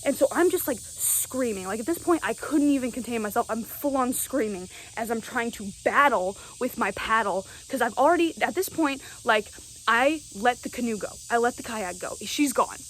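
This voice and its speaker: A young woman with a slightly high voice tells a story straight to camera. She talks casually and stays animated, often tossing in "right?". There is a faint hiss in the background. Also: normal speed, rough recording. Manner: animated, keeps asking "right?". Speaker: vlogger.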